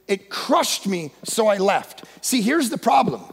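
A male guest pastor preaching a sermon in a church, emphatic and often shouting. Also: sits high, big pitch swings, a little slow, creaky, breathy edge. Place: church sanctuary. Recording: long echo of a large church hall.

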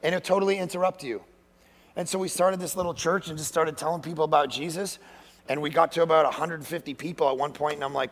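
Male guest preacher, high and gravelly, playful and animated, sanctuary reverb. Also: fast talker. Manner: animated, joking, acts out quoted voices, sudden shouts. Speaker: guest pastor. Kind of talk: energetic comedic sermon. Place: church sanctuary. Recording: long hall reverb.

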